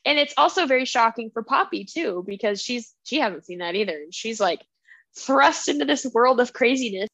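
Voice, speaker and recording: A woman's voice: a little high, normal speed, dry recording. A woman co-hosting a casual book podcast, animatedly retelling scenes and acting out the characters' lines. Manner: animated retelling, acts out scenes in quoted voices. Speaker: podcast co-host.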